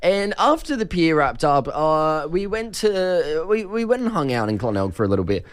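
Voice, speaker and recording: A man's voice: on the high side, sing-song, normal speed, smooth. An Australian man co-hosting a breakfast radio show, telling a story animatedly and acting out the people in it. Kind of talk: casual radio banter. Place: radio studio.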